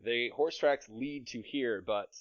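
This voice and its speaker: A man's voice: mid-range voice, a little slow, no room sound, dull audio. A man narrating a tabletop game as game master, descriptive and amused, laughing often.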